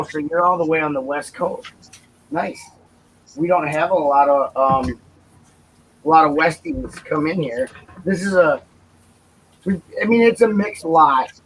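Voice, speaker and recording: A man's voice: a little high, fairly bright tone, a little hiss or hum, poor audio. A man hosting a live building stream in casual, rambling chat, often correcting himself mid-sentence. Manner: rambling, chatty, self-correcting.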